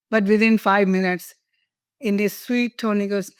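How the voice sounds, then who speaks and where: A woman's voice: mid-range voice, fairly even intonation, moderate pace, clean tone, dry recording. Older lady from india telling her love story, laughs a lot, dry close sound. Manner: warm, laughing, emotional storytelling. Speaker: guest. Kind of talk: personal storytelling interview.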